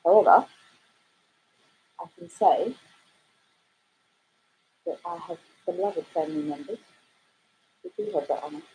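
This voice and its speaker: A woman's voice: measured pace, pauses often, dark tone, a little hiss or hum, poor audio. A middle-aged Australian woman from Western Australia, hosting a casual livestream, reading out comments with a playful, theatrical manner. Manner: playful, theatrical, swoops up high in exclamations. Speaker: livestream host playing records. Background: music playing in the background.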